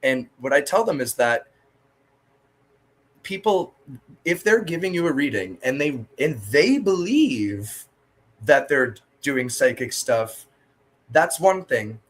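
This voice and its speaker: A man's voice: mid-range voice, slow, pauses often. Rambling, blunt man in casual chat. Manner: rambling, animated storyteller with frequent laughs; skeptical, blunt. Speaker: guest, minister and historian.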